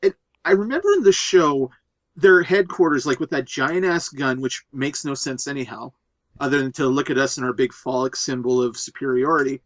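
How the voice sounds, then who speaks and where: A man hosting a casual movie commentary podcast, riffing in an animated, profane way. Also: mid-range voice, moderate pace, no room sound, dull audio. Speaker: podcast host.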